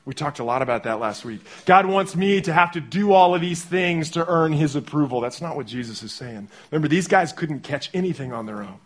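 A young man delivering a sermon as pastor in a conversational, animated way, acting out little quotes as he goes. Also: on the high side, fairly quick, few pauses.

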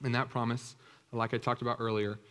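A man delivering a sermon in a relaxed, conversational tone. He retells scripture as a lively story and keeps his voice at a middle pitch. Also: a little fast, clear, resonant tone. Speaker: preacher.

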